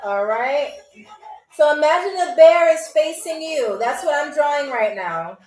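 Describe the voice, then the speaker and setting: A woman's voice: sits high, lively intonation, unhurried, a little mellow, reverberant, low-quality recording. A young woman hosting a live-stream game show, chatting casually with viewers while she draws, playful and calling them "y'all".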